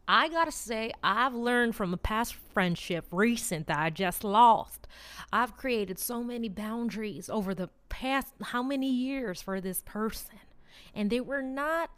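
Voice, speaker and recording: A woman's voice: fairly high pitch, clear, resonant tone. A woman hosting a weekly motivation vlog, talking casually and chattily, laughing and teasing as she speaks straight to her viewers. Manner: chatty, animated, laughs and teases, rambles, direct address. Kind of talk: casual motivational talk to camera.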